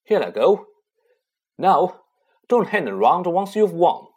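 A man voicing a determined teenage boy, speaking urgently and insistently in a husky voice. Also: high voice, sing-song, slow, darkish tone, voice pushed up, heavily acted. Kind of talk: audiobook reading.

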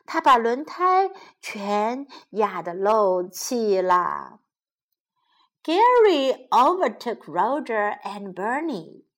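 Slow, lively woman reading a kids' story. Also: fairly high pitch. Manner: slow, clear, expressive reading. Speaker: children's English story teacher. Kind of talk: bilingual storybook read-aloud for kids.

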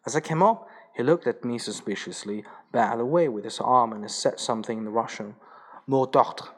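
A man reads a story aloud at a middling pitch. His narration is plain and steady. Now and then he stumbles and restarts a word. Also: brisk, slightly rough. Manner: plain reading with small slips and restarts. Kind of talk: audiobook reading.

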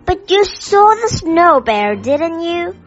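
A woman's voice: extremely high pitch, big pitch swings, slow, pitched above the performer's own voice, full character voice. A woman reading a storybook, voicing an eager young girl explaining things, over faint music. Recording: slightly muffled, faint music behind.

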